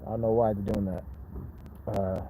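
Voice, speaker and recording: A man's voice: fairly low pitch, little pitch movement, normal speed, mellow, slight background noise. A man hosting a casual live chat from his phone, talking straight to his viewers with a lot of swearing. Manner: profane, frustrated then hyped, addresses viewers directly. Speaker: livestream host. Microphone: phone held in hand.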